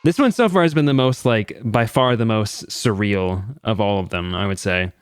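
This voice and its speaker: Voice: mid-range voice, normal speed, clean tone, no echo, studio quality. A streamer giving casual, rambling commentary while playing a game. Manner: offhand, rambling asides.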